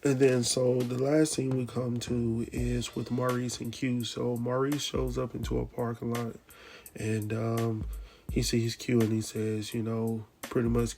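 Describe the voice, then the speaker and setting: A man hosting a casual TV episode recap, talking in an animated, slangy way. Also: medium pitch, measured pace, a little hiss or hum. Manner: animated, slangy, laughs often, jumps into quoted voices. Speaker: recap host. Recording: music bed behind voice.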